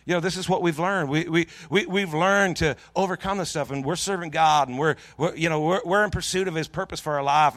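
A middle-aged man preaching in a church, telling a long personal story in a jokey, lively way with many restarts. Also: fairly high pitch, fairly quick, few pauses, no echo. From Pacific Northwest of the US. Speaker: pastor. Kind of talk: storytelling sermon.

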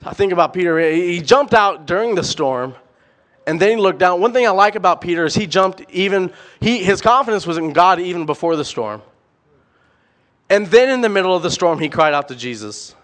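A young man preaching a sermon, animated and emphatic, firing off rhetorical questions and repeating words. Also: sits high, fairly quick.

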